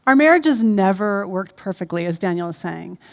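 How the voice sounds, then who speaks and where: A middle-aged woman co-preaching a sermon in a conversational way, often pausing with ums. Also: mid-range voice, expressive, gravelly. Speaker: co-pastor. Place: church stage.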